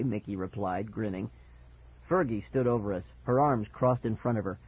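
A man's voice: fairly low pitch, normal speed, slightly rough, no room sound. A man narrating a first-person spooky children's story expressively, on a dry, tinny recording. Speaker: audiobook narrator. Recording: dry, tinny phone-like sound.

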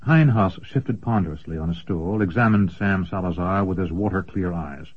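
A man narrating a fantasy audiobook in a measured storytelling voice. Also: low-pitched, husky. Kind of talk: scripted narration. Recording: dull lo-fi recording.

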